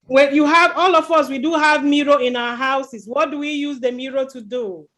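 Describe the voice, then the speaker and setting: A woman's voice: high-pitched, normal speed. A woman telling a children's chapel story in church, stopping often to quiz the children with questions. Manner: lively, quizzes the children with questions.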